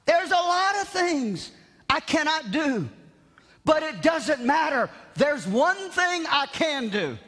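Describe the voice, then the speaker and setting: A man preaching a revival sermon, shouting with animated, self-mocking humor in a large church. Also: very high-pitched, slow. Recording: long hall reverb in church.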